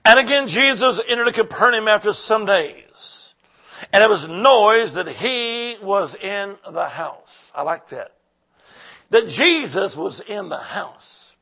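A man preaching a sermon, telling a story with animated energy and shouting praise to his congregation. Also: sits high, takes it slowly.

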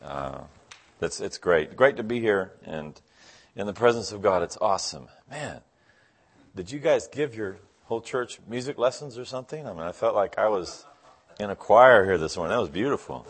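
A man, a guest pastor, giving a sermon in a church, telling stories and acting out conversations with lively, animated delivery. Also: fairly low pitch, normal speed, breathy edge. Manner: animated storyteller, acts out dialogue in the joke. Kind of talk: sermon with storytelling.

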